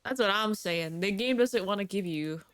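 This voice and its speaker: A woman's voice: medium pitch, normal speed, fairly bright tone, clear, resonant tone, dry recording. A young woman livestreaming a game, chatting in a bubbly way with viewers and reacting aloud to the play. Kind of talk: casual gaming stream chat.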